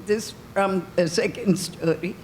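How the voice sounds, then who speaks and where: A woman with an Indian accent, an author reading passages from her stories at a festival panel in an unhurried, soft-spoken way with pauses. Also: lowish voice, steady tone, a little hiss or hum, low-quality recording. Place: meeting room at a book festival.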